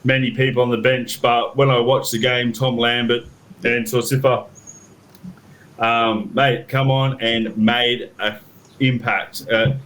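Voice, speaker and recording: A man's voice: mid-range voice, flat delivery, measured pace, a bit bright. A man co-hosting a rugby podcast, teasing his mates and speaking in casual slang. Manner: teasing, joking, mate-heavy slang. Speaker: podcast co-host. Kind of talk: casual banter.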